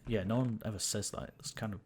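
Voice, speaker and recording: A young man in his late teens, with a croaky voice, chatting casually and rambling through a gaming livestream. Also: fairly low pitch, steady tone, quick pace, a little mellow, a little hiss or hum. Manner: rambling and chatty, with frequent fillers and swearing.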